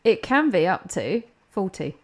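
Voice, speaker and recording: A woman's voice: mid-range voice, sing-song, a little slow, a little mellow. A young woman co-hosting a podcast, chatty and playful as she explains trivia in casual chat. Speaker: podcast co-host.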